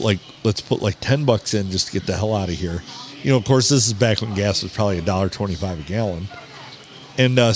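A man hosting a podcast from a bar, telling a story in a casual, animated way, swearing and quoting people. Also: fairly low pitch. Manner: swearing, animated anecdote teller who quotes people. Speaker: podcast host.

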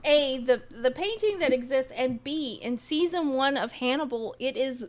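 A woman's voice: sits high, expressive, normal speed. A woman co-hosting a podcast in casual book chat, enthusiastic and laughing often as she goes off on tangents. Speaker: podcast co-host.

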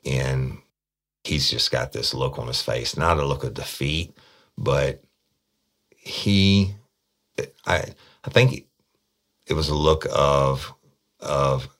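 A man's voice: very deep voice, slow, pauses often. A man telling a true-crime story from his days as a detective, blunt and profane, acting out the people he quotes. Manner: blunt, profane, animated when quoting people. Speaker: podcast storyteller, former detective.

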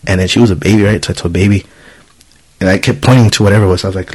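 A man's voice: on the low side, fast talker, low-quality recording. Profane, storytelling man. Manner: profane, animated storytelling with voiced quotes. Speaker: podcast host. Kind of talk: casual storytelling chat.

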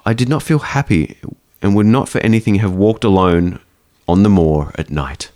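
A man's voice: lowish voice, normal speed, dark tone, close to an everyday voice. A man voicing a frightened woman recounting a ghost encounter in a faintly Irish-sounding put-on accent, in a solemn, old-fashioned telling. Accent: faintly Irish-sounding put-on lilt.

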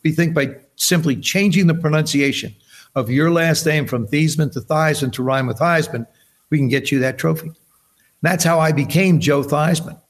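A man's voice: on the high side, normal speed. A man in his seventies from New Jersey, a podcast guest telling stories in casual chat and acting out the voices in them. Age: 70s. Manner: animated storyteller acting out quoted dialogue.

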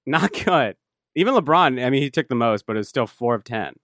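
A man at a middle pitch, talking in a blunt, loose podcast chat. He laughs easily and swears when a game goes badly. His voice is close and dry, with no room sound. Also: expressive, brisk, a bit bright, no echo. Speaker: podcast co-host. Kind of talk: casual sports chat.

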